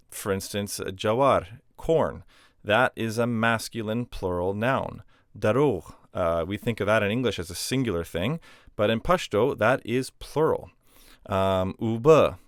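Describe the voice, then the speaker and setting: A young adult man teaching a grammar lesson in a relaxed way, explaining rules with fillers and reading example phrases aloud. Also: on the low side, no room sound, clean studio sound. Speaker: language teacher.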